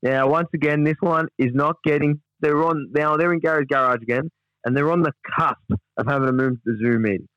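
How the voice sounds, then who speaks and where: A laid-back Australian man co-hosting a podcast, talking casually with fillers and the odd swear word. His voice sits a bit high and sounds bright and forceful. It is recorded close and dry. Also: fairly even intonation, fairly quick, no room sound, dull audio. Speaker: podcast co-host. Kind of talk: casual chat, retelling a transcript.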